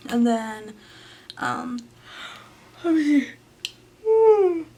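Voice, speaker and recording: A woman's voice: high voice, big pitch swings, drawn-out words, mellow. A tired young woman casually rambling through her planner as a vlogger, with lots of fillers and some whispered asides. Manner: rambling, filler-heavy, often trails into whispers. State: tired, yawning late at night. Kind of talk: casual chatty voice-over. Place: home, late at night.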